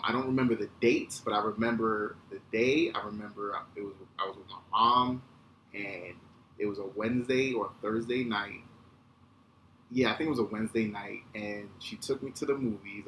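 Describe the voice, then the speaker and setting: A man in his thirties hosting a podcast, telling a casual, animated, profane story. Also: on the low side, normal speed. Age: 30s. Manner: animated, profane, acts out quotes. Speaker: podcast host. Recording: echoey room with faint ambient noise.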